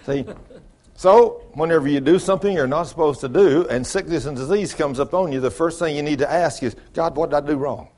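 Male pastor, higher voice, folksy storytelling sermon, big swings between low asides and high exclamations. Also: a little fast, darkish tone.

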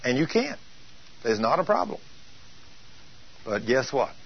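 A male preacher giving an emphatic sermon, drawing out scripture quotes slowly for weight. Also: mid-range voice, very animated, highs cut off, slight background noise.

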